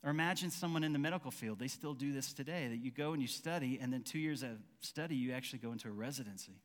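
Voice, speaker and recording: A man's voice: mid-range voice, fast talker, in a large hall. A man preaching a conversational sermon as pastor, acting out quoted dialogue with frequent restarts.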